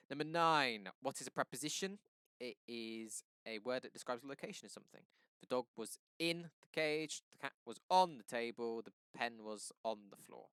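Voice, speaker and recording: A man's voice: mid-range voice, a bit bright, clear, resonant tone, no echo, clean studio sound. A male teacher running a live-streamed remote lesson, quizzing the class and answering his own questions, often correcting himself mid-sentence.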